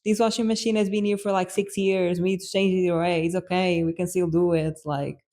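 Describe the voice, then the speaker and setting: A woman voicing a kind young male roommate who calmly reassures her, speaking in a soothing way. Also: on the low side, brisk, natural voice. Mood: reassuring.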